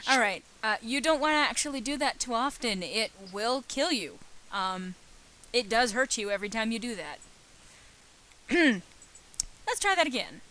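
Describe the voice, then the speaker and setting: A woman's voice: fairly high pitch, sing-song, normal speed, long pauses, pushed and bright, rough recording. A woman hosting a let's play, reading game text aloud and commenting casually. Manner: reads game text aloud, hesitant fillers.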